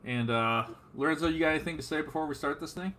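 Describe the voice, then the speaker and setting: A man's voice: a little high, quick pace, pushed and bright. A man hosting a podcast in loose casual chat, rambling with lots of fillers. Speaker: podcast host.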